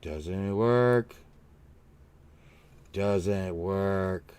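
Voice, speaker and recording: Man, very slow talker, rambling casual livestream chat, jokey, swears. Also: low voice, a little mellow, clean tone. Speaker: livestream co-host.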